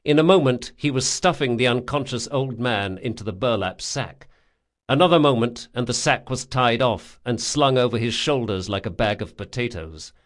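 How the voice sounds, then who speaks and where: A man reads fantasy fiction aloud as an audiobook narrator. His pitch moves in a lively, animated way, giving the action drama. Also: normal speed. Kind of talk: scripted narration.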